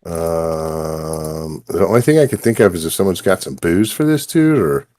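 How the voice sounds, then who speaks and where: A man's voice: deep voice, lively intonation, moderate pace, warm tone, no echo, clean studio sound. A man playing a tabletop game, talking casually and bluntly with some swearing. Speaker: player. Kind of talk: casual gaming chat.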